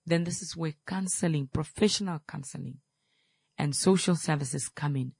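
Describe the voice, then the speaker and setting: Male talk host, gravelly, earnest and repetitive advice delivery, dry close sound. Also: on the high side, moderate pace, darkish tone, no echo. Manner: earnest and repetitive, stressing key points; quotes scripture, then explains it plainly.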